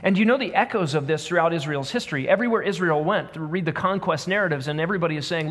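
A man preaching a sermon, reading scripture aloud and speaking in measured, emphatic repetitions. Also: fairly high pitch, fairly bright tone. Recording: long hall reverb.

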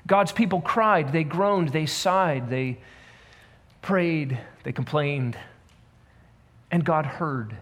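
A man delivers a sermon in a slightly raised voice, reading scripture and pressing his points with measured repetition. His voice rings out with a long reverb, as if filling a church hall. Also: a little high, fairly bright tone. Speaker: preacher.

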